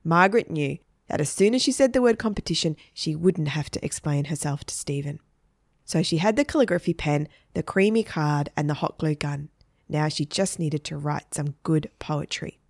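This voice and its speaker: A woman reading a children's story in a gentle, even storytelling manner. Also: low voice, moderate pace, no echo, studio quality. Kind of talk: scripted children's story narration.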